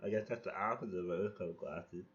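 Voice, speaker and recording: A man with a lowish voice, talking through his own old writing in a loose, self-critical monologue. He restarts his sentences often and swears casually. The sound is a little dull and lo-fi. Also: fast. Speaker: podcast host reflecting on his own poems.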